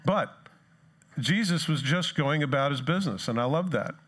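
A man's voice: fairly high pitch, expressive, moderate pace, a bit bright, breathy edge. Man preaching in a chatty sermon. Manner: conversational preaching, asks the congregation questions. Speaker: pastor. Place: church.

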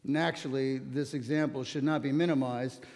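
A man's voice: medium pitch, fairly even intonation, moderate pace, darkish tone. A male pastor reading scripture and preaching a sermon, telling stories with light humor. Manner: plain storytelling with light humor. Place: church sanctuary. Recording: long hall reverb.

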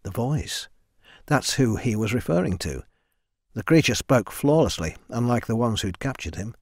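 A man narrating a fantasy audiobook in a steady, measured way, close to the mic. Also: mid-range voice, dry recording. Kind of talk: scripted narration.

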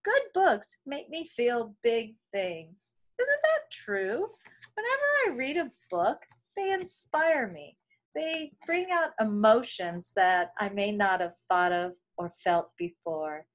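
Woman, school staff, storytime read-aloud; high voice, unhurried, playful asides. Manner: expressive, playful, chatty asides with laughs. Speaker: elementary school staff member. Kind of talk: reading a picture book aloud to children.

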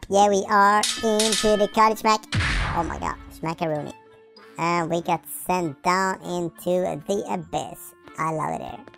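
A goofy, excitable gameplay commentator talking over a game, jumping between shouts and mutters. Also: medium pitch. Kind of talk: let's-play commentary. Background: game music.

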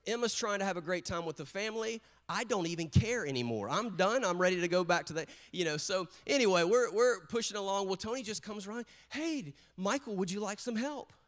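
A middle-aged male pastor with a high, light voice delivers a story-driven sermon. He's animated, acting out quotes in quick bursts before easing back into plain preaching.

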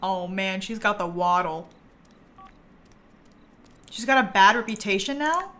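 Animated bright-voiced woman streamer. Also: medium pitch, unhurried. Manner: animated, laughing, talks to her game characters. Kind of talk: casual gameplay commentary.

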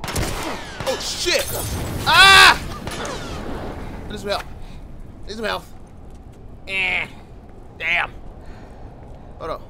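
High-pitched excitable man gaming. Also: drawn-out words, pauses often, noisy background. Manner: loud, excitable, profane play-by-play reactions. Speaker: gameplay commentator. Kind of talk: live gameplay commentary.

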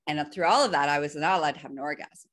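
A woman with a somewhat low-pitched voice talks as a podcast guest. She tells a personal story in a candid, animated way, breaking off into quick asides. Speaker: podcast guest, BDSM wellness specialist.

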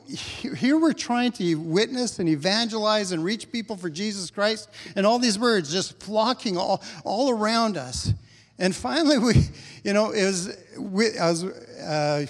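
A man's voice: high-pitched, long reverb tail. A middle-aged male pastor preaching a sermon in a church, talking conversationally and acting out prayers with rising intensity. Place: church sanctuary.

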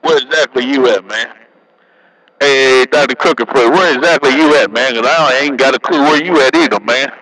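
A man's voice: medium pitch, normal speed, a loud crowd, low-quality recording. A man bantering over CB radio, teasing and joking, tagging his lines with "man". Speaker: CB radio operator. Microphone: CB radio handset.

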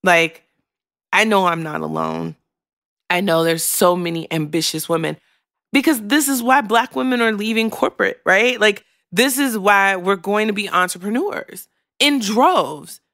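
This podcast host, a woman with a medium-pitched, slightly bright voice, speaks a little slowly in a candid monologue. Frank and emotional, she swears freely and chokes back tears, and the studio-quality audio has no echo.

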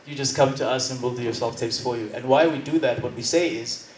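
A man's voice: mid-range voice, fast, a little hiss or hum. A man with a South African accent, giving an emphatic acting masterclass talk and dramatically reciting poetry to a room. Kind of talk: energetic workshop talk. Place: event venue with audience. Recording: echoey venue from far off.

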